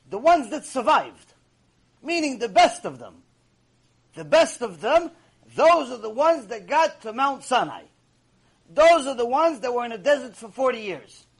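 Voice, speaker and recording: High-pitched rabbi preaching emphatically. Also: male voice, husky. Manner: emphatic, repeats key phrases for stress; speaks straight to the audience with rhetorical questions. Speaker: rabbi teaching a Torah class. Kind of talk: sermon-style Torah lecture. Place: warm lecture room with a live audience.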